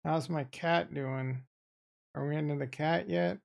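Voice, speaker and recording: Gravelly-voiced man rambling about markets. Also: fairly high pitch, measured pace, muffled recording. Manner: rambling, jokey, talks to chat, sudden excited outbursts. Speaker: crypto trading streamer. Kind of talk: casual rambling market commentary.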